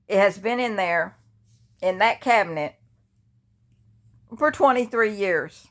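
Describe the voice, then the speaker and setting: Slow, rambling older woman vlogging from bed. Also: mid-range voice. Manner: rambling and chatty, with many restarts. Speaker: grief vlogger. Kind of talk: casual personal vlog. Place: indoors, lying in her bed.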